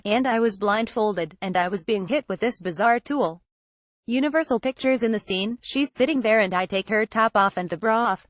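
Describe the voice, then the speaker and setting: Even-toned woman reading news quotes. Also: mid-range voice, no room sound. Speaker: narrator.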